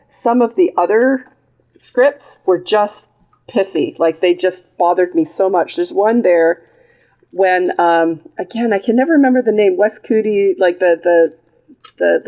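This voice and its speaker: A woman in a relaxed podcast chat, her voice sitting in a middling register. She is blunt and sarcastic and swears freely. Her talk is loose and conversational, full of quick asides. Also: mid-range voice. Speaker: podcast co-host. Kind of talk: casual film review chat.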